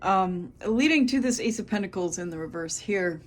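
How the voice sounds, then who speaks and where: A woman in her thirties, medium-pitched and animated, gives a tarot reading to camera at normal speed. She rambles casually, thinking aloud and using plenty of fillers.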